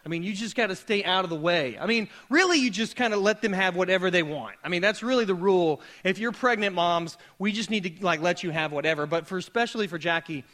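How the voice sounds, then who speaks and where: Man preaching, thirties, high bright voice, storytelling with jokes to a congregation. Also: fast talker, hardly any pauses. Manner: casual, joking, animated storytelling. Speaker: pastor. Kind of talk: conversational sermon with humor. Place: church hall before a live audience.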